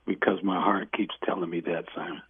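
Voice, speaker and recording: A man's voice: low voice, fairly even intonation, brisk, breathy edge, dry recording. A man calling in to a radio show, talking hesitantly and searching for words. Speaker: caller. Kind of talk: phone-in call. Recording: phone line.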